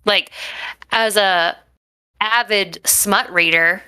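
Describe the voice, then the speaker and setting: A woman guest in casual podcast chat, a little tipsy, talking in quick bursts with fillers and laughs. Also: mid-range voice, bright, forceful tone, clean tone. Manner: chatty, laughing, many fillers and restarts. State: tipsy from scotch.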